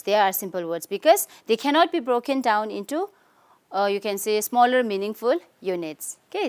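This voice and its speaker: Teacher, woman, Tibetan-accented English, fairly high voice, keeps checking in with "okay?" and "right?". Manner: slows down to spell out example words. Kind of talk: online classroom lesson.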